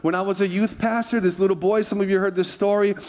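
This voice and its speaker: A man's voice: high voice, steady tone, quick pace, a little mellow. A male pastor preaching a sermon, mixing humorous stories with repeated phrases and calls to the congregation. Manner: asks the congregation for responses.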